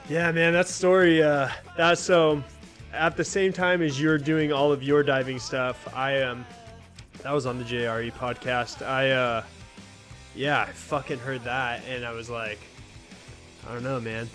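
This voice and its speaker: A man's voice: medium pitch, fairly even intonation, a little slow, fairly bright tone, soft background music. A man hosting a casual podcast chat, loose and rambling, with some swearing. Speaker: host.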